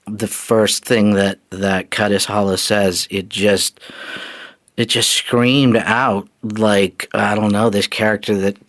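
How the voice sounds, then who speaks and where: A man who is a guest actor recalling his work in a slow, halting way, with many fillers. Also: lowish voice, little pitch movement, fairly bright tone, dry recording. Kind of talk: interview recollection.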